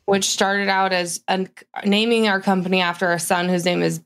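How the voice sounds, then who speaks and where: Gravelly-voiced chatty woman. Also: medium pitch, level tone, moderate pace. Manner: chatty, lots of "like" fillers, acts out her own past talk. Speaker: guest, business co-founder. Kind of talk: casual podcast chat.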